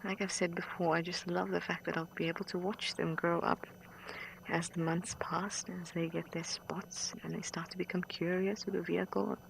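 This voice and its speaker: A woman working as a safari guide, giving soft, fond live wildlife commentary from a vehicle outdoors and often dropping to a whisper. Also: lowish voice, little pitch movement, brisk, creaky, hardly any pauses, a little hiss or hum, low-quality recording. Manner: soft and fond, drops to a whisper near the animals.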